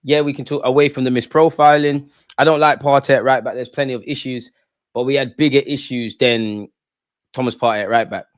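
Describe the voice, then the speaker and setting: A man's voice: mid-range voice, steady tone, brisk, dry recording, clean studio sound. A man hosting a live football watch-along, talking in a casual, opinionated, rambling way full of slang. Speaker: football fan channel host.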